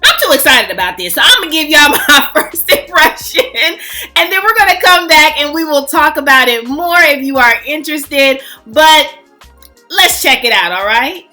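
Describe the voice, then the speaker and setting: A woman hosting a fragrance vlog, talking in an animated, gushing, chatty way, faint music behind. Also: sits high, normal speed. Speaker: fragrance channel host.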